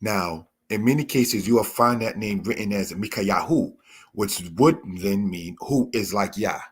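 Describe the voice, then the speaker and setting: A man with a low, husky voice gives a scripture lesson at an unhurried pace. He explains each word patiently and keeps calling his listeners brothers and sisters. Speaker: Torah teacher. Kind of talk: slow spoken Bible lesson.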